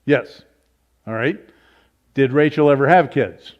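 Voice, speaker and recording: A man's voice: medium pitch, unhurried. Man leading an informal Bible study. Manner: informal, thinks aloud, self-corrects. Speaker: pastor teaching Bible study. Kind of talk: conversational Bible teaching with audience questions. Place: church meeting room. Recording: slightly dull, lo-fi.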